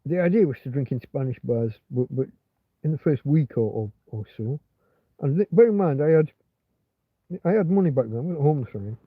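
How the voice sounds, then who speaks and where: A man's voice: mid-range voice, animated, a little fast, breathy edge, no echo. A man hosting a rambling, casual livestream chat, meandering with many restarts and fillers. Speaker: livestream host. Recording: tinny phone-like sound.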